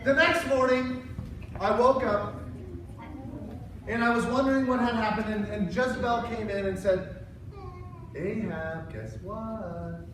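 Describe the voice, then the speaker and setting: A man's voice: high-pitched, measured pace, long pauses. A man playing a whiny childish king. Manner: whiny, excitable, exaggerated storytelling. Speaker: children's church presenter. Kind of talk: first-person Bible story skit for kids. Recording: echoey hall, far from mic, noisy.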